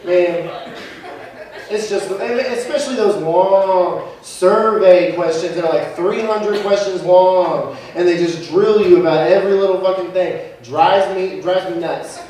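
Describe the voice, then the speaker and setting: High-voiced man doing stand-up. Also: a little slow, a little mellow. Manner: loose, profane, self-mocking storytelling. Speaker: stand-up comedian. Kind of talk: stand-up comedy set. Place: comedy venue in front of a live audience. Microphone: handheld microphone. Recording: echoey room taped from far off, with crowd. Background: audience laughter and heckling.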